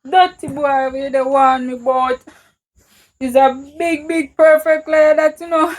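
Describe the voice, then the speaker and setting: A woman's voice: high voice, steady tone, measured pace. An actress playing a heartbroken young woman in a Jamaican film, speaking patois with a complaining, downcast tone. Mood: upset. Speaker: actor in a film.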